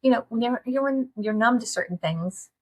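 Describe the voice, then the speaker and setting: A middle-aged woman, hosting a candid solo talk and speaking to listeners in an earnest, folksy, animated way. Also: fairly high pitch, normal speed. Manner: earnest, folksy, animated, with laughs and direct questions to the audience. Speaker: podcast host.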